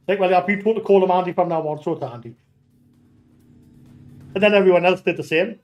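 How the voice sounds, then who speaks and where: Over faint background music, a man with a Geordie accent from North East England talks a little fast in a high, slightly mellow voice, with long pauses and the highs cut off. While gaming, he spins meandering stories packed with restarts and swearing.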